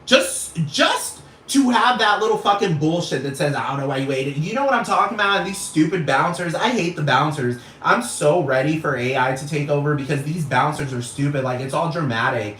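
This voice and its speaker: A man's voice: fairly high pitch, moderate pace, few pauses, fairly bright tone. A man ranting on a vlog, exasperated and profane, piling up rhetorical questions. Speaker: vlogger. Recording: roomy echo with faint noise.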